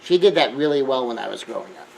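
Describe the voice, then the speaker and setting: An earnest man giving a self-help lecture at a mid-range pitch. He drops into hushed asides and then rises to emphatic points. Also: animated, quick pace, vocal fry, slight background noise, low-quality recording. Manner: earnest, emphatic, shifts between hushed and raised. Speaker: speaker.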